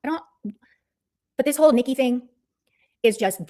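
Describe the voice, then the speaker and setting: A woman's voice: high voice, normal speed, dark tone. A woman livestreamer ranting in a heated callout, blunt and profane, repeating herself as she scolds someone. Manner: angry, blunt, profane, repetitive.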